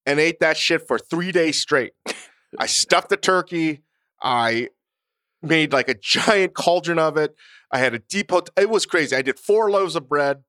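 A man's voice: fairly high pitch, unhurried, pushed and bright, no echo, clean studio sound. A man co-hosting a podcast, chatting casually in a blunt, profane, self-mocking way. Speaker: podcast co-host. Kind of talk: casual chat.

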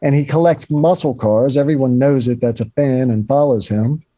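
Mellow rambling male musician guest. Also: medium pitch, moderate pace, no echo. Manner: laid-back, rambling, swears often, trails off. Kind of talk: casual chat.

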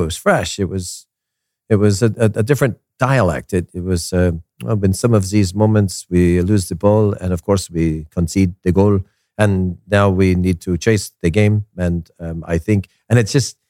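A man hosting a casual soccer commentary show, opinionated and animated, repeating his points for emphasis. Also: sits low, no echo, clean studio sound. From United States.

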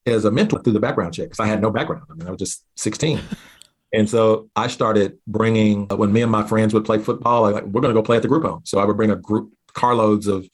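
A man from southeastern Oklahoma, a guest earnestly telling a personal story with halting restarts. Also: on the low side, slightly rough. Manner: earnest, halting restarts, slows down at key moments.

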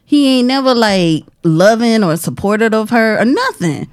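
A woman co-hosting a casual podcast chat, commenting in an animated, exasperated way. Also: on the high side, moderate pace, no room sound, studio quality. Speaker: podcast co-host.

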